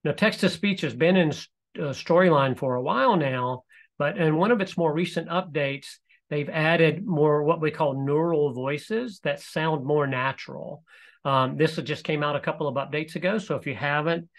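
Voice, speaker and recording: Man giving a relaxed software demo. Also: fairly high pitch, moderate pace. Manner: relaxed, explanatory, with frequent fillers. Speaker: presenter demonstrating e-learning software. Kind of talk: live webinar software demo.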